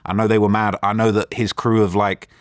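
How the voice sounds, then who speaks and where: London guy rattling off a story in an interview, quick, lowish voice, dry studio sound. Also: dry recording. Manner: rambling, animated retelling with quoted back-and-forth. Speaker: interview guest.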